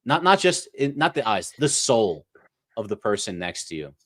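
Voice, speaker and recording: A man's voice: mid-range voice, very animated, normal speed, a bit bright. A man hosting a casual sports talk show, playful and hyped, with mock-grand praise. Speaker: host.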